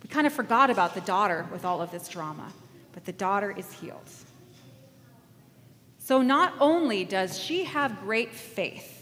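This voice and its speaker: Animated woman preaching in an echoey hall. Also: a little high. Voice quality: animated, acts out voices, leads audience call-and-response. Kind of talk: interactive sermon. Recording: echoey hall with faint ambience.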